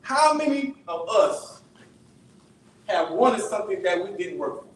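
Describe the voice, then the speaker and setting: This preacher's high-pitched voice swings widely in pitch as he unhurriedly tells stories in a conversational sermon, often pausing for asides and asking the audience "right?" He sounds distant in an echoey church sanctuary.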